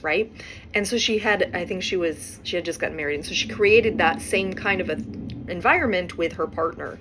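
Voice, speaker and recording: A woman hosting a podcast, talking through relationship advice in a relaxed, conversational way and often checking in with "right?". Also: on the low side, fairly quick, noisy background. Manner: conversational, frequent "right?" tag questions. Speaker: podcast host and therapist. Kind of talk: casual advice monologue.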